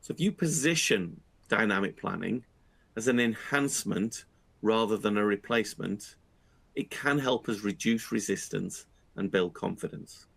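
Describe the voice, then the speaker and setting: A man giving a measured explanatory talk on audit planning, pausing with fillers and restarting phrases as he goes. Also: lowish voice, gravelly, a bit bright, breathy edge. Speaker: internal audit speaker.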